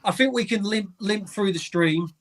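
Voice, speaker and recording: A man's voice: high-pitched, moderate pace, a crowd in the background. A man co-hosting a casual live stream, reassuring his partner and steering the talk to viewer comments. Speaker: stream co-host.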